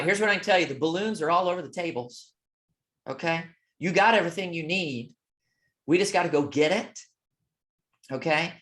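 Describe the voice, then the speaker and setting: A man coaching with a motivational talk, telling a story in an emphatic, preacher-like rhythm. He keeps asking "okay?" and moves between loud and soft. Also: a little high. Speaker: real estate coach.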